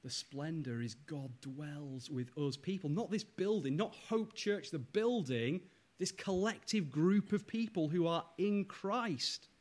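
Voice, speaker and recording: A male pastor preaching a sermon, speaking in slow, emphatic phrases and often asking the congregation rhetorical questions. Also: fairly high pitch, a little mellow.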